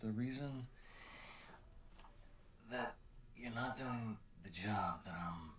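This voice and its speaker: An actor playing a gruff, bullying male boss who scolds and swears at his worker. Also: on the low side, slow pace, fairly bright tone, slight background noise. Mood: scolding. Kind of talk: film drama dialogue. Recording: roomy film audio with faint ambience.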